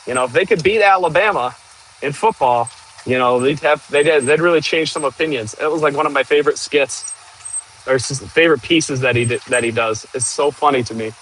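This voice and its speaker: A man's voice: on the high side, a little fast, fairly bright tone, slight background noise, low-quality recording. A man, rambling and laughing as he chats to a live-stream audience while working outdoors. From northern Michigan, USA. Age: 30s. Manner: rambling, chatty, laughs often. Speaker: livestream host. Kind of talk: casual live-stream chat.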